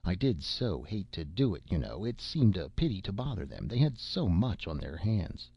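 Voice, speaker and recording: A man's voice: deep voice, sing-song, normal speed, creaky, dark tone, breathy edge, no room sound, highs cut off. A man reading a classic satire aloud in a folksy first-person storytelling manner with rustic grammar. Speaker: narrator.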